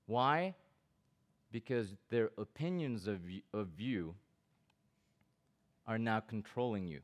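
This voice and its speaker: A middle-aged pastor preaches to students at a youth camp, reading scripture aloud and interrupting himself with comments and questions. His voice is fairly low and slow, with lively intonation, and he puts questions straight to his listeners.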